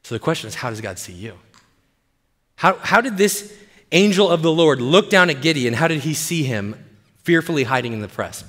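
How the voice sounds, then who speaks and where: A male pastor preaching in an animated, playful way, often putting questions to the congregation. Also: on the high side, moderate pace, big-room sound. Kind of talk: sermon.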